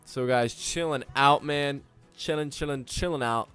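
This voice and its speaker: A man's voice: medium pitch, unhurried, fairly bright tone, clean tone, soft background music. A young man chatting casually with viewers on a live stream about trading and his weekend, joking and talking straight to them. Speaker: livestreaming day trader.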